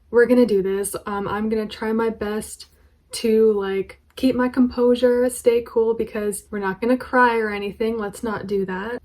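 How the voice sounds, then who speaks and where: A woman's voice: medium pitch, darkish tone, low-quality recording. A woman speaks casually to a camera resting on her bed in her bedroom. Her voice carries a faint nervous tremble as she chats through her vlog. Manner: nervous, voice shaking slightly. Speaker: vlogger. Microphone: camera propped on her bed.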